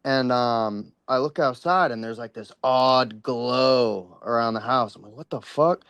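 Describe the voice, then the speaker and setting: Smooth-voiced man rambling through a story. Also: mid-range voice, measured pace, a bit bright, no room sound. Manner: rambling, full of "like" and "you know," swears freely. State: a little worked up. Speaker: caller sharing a paranormal experience. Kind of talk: casual spoken storytelling.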